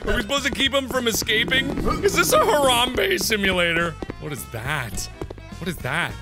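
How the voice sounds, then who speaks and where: A young man in his twenties giving excitable let's-play commentary, swearing and bursting into laughter. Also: high voice, normal speed. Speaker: gaming video host. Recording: game music behind.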